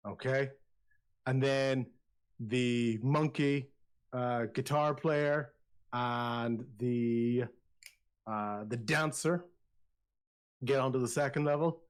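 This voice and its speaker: A man narrating a tabletop game as game master, telling the story in a lively way with many restarts. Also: medium pitch, slow, long pauses, clean tone.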